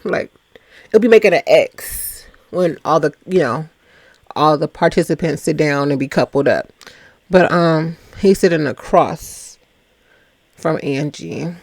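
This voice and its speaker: A woman's voice: sits low, measured pace, creaky, a little mellow, no room sound. A woman hosting a casual reality TV recap, chatty and gossipy with teasing asides.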